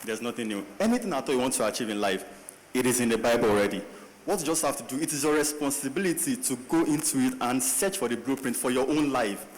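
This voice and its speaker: Fast-talking earnest male panelist. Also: mid-range voice, expressive. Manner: earnest, quotes scripture. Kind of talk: preaching-style panel talk. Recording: long hall reverb, faint ambience.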